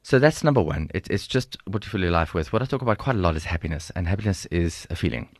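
A South African man in his forties telling a personal story as a podcast guest, animated, acting out dialogue and laughing often. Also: deep voice, quick pace, dry recording. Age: 40s. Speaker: guest speaker. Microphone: studio microphone.

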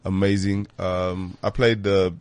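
A man talking casually as a comedy guest, relaxed and often laughing, with frequent pauses. His voice sits fairly low and sounds dry and close. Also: dry recording. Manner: laid-back, laughing, halting. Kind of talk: casual chat.

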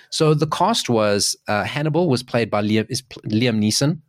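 A man in his forties co-hosting a podcast, telling stories in casual chat, excitable, with many restarts. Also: moderate pace, no room sound, studio quality. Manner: animated storyteller, jumps in pitch, restarts often. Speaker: podcast co-host.

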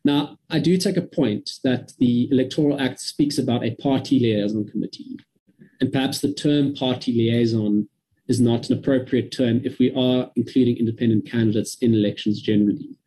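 A man from South Africa giving a measured, careful briefing to a parliamentary committee over a video call. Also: mid-range voice, fairly even intonation, mellow, husky, low-quality recording. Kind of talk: formal briefing.

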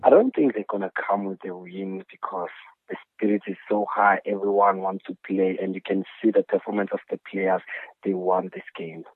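A low-voiced footballer speaks confidently as a phone guest. His voice comes over a tinny, dry phone line. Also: fairly even intonation, normal speed, husky, no echo. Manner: confident, plain-spoken. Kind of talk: phone interview.

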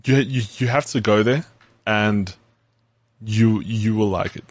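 Male podcast co-host from South Africa, lower voice, measured storytelling, dry sound. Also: no room sound. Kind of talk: casual chat.

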